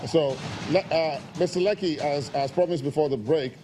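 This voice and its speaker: Halting male TV host. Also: on the high side, mellow, faint music behind. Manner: halting, stammering, filler-heavy. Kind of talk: TV studio interview.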